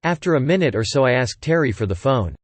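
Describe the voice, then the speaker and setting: A man narrates a first-person story in a steady, plain voice and walks through the quoted dialogue without fuss. His voice sits at a middle pitch. The recording is dry and close, with no room sound. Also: quick pace, dry recording.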